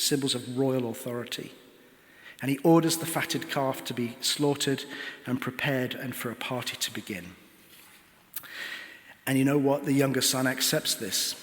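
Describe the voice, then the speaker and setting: A preacher of medium pitch and fairly bright tone speaks at a moderate pace, recounting a parable with earnest rhetorical questions. His sermon echoes with the reverb of a church hall.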